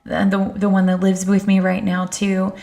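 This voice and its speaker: A woman's voice: medium pitch, completely flat delivery, normal speed, gravelly, warm tone. A middle-aged woman speaking as a podcast guest, telling personal stories in an earnest, reflective way. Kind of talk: candid conversation.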